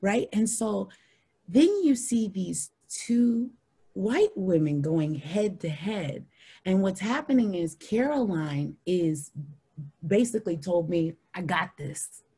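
A woman in her thirties, a podcast guest telling a story in an animated way, acting out the people she quotes. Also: takes it slowly, husky. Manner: animated, acts out quoted people in high voices.

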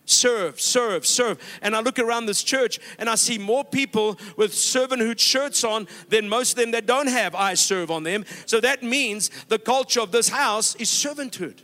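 A man's voice: extremely high pitch, moderate pace, few pauses, pushed and bright. A man pastor preaching a sermon in a church, exhorting the congregation and telling stories with quoted dialogue. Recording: long hall reverb.

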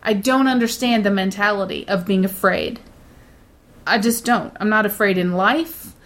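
A woman's voice: medium pitch, normal speed. Middle-aged woman, blunt, self-assured, casual chat, mocking quoted voices. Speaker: data center shift supervisor.

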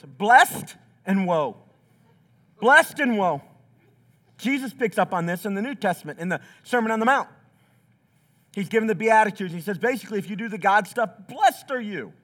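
A man's voice: high-pitched, fairly bright tone. A pastor preaching a sermon in a church, acting out quotes with big swings in his voice. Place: church sanctuary.

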